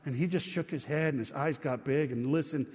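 A man's voice: a little high, brisk, darkish tone, husky. A middle-aged man preaching a sermon as pastor, talking conversationally and calling out to his congregation. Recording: long church reverb.

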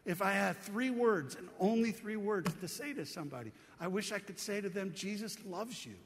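A man's voice: high voice, brisk, a little hiss or hum. A middle-aged male pastor giving an earnest, conversational sermon in a church, asking the congregation rhetorical questions. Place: church sanctuary. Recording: long reverb from a hall.

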